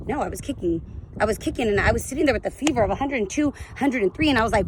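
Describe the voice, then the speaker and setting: A woman in her thirties tells her addiction and recovery story in a candid testimonial vlog, raw, blunt, emotional, and swearing freely. Her voice is fairly high and fast, with a noisy background.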